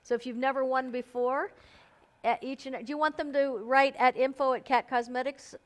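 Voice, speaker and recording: A woman's voice: sits high, fairly even intonation, moderate pace. A woman hosting a live stream, chatting casually and bubbly as she calls out giveaway winners by name. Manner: bubbly, chatty, playful emphasis on names. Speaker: host.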